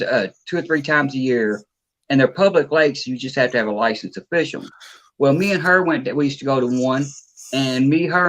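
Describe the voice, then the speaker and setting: A man's voice: mid-range voice, fairly bright tone, poor audio. A man telling an easygoing fishing story about his daughter in casual chat.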